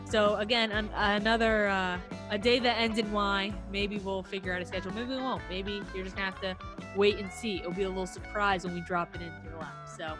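A woman's voice: medium pitch, fairly even intonation, fairly quick, music in the background. Young woman ranting as an emotional sports fan. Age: young adult. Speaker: podcast co-host. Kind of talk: casual sports podcast chat.

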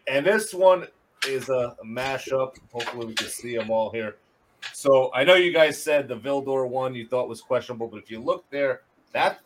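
Man breaking down football plays. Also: mid-range voice. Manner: explaining plays, repeats words, swears. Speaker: host. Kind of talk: casual sports breakdown.

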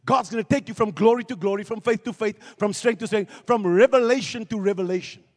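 A man preaching a sermon as pastor, animated, with repeated phrases and acted-out quotes. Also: sits high, a little fast, long reverb tail.

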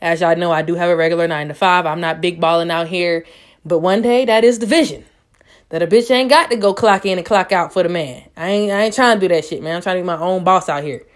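A young woman in her twenties talks straight to her viewers in a loose storytime monologue. She is loud and profane, and she keeps leaping up into high-pitched squeals for emphasis. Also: fast. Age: 20s. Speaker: vlogger.

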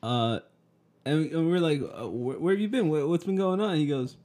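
A man's voice: fairly high pitch, normal speed, darkish tone. A young man co-hosting a casual talk show, retelling a story with lots of laughter and acted-out quotes.

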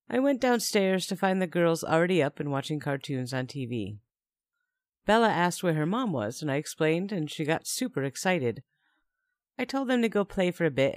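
A woman's voice: low voice, darkish tone, no echo, studio quality. A young woman narrating a first-person story in a chatty tone with wry asides.

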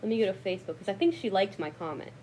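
A woman's voice: mid-range voice, very fast, a little mellow, slight background noise. A woman vlogger chatting in a rambling, casual way, blunt and swearing freely, with hearty laughter.

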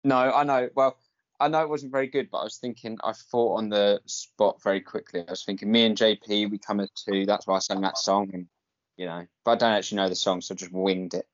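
A man's voice: fairly low pitch, level tone, a little fast. A young man with a posh English accent chatting hesitantly, with many ums. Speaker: podcast guest. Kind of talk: casual chat. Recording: dull lo-fi sound.

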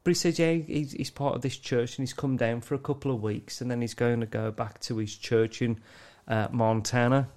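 A man's voice: mid-range voice, fairly even intonation, normal speed, few pauses, darkish tone. A man with a Black Country accent, co-hosting a podcast and telling a story in casual chat, swearing often and laughing as he talks. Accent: Black Country English. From Black Country, England. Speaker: podcast co-host.

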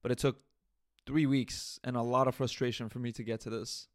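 Animated man venting on his podcast. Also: medium pitch, a little fast, no echo, clean studio sound. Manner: animated storytelling, swearing and venting. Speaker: podcast host. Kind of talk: casual solo podcast rant. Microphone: USB interface podcast mic.

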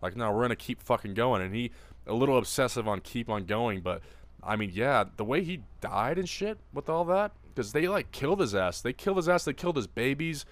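A man's voice: medium pitch, lively intonation, a little fast, dry recording. A man co-hosting a podcast in casual chat, rambling and swearing freely and acting out voices in the stories he tells. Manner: rambling, profane, acts out quoted voices. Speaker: podcast co-host.

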